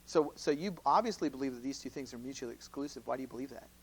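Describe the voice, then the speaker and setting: A man's voice: mid-range voice, very fast, husky, poor audio. A man, a campus minister, teaching a conversational question-and-answer session at church, laughing often and acting out both sides of sample dialogues. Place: church hall.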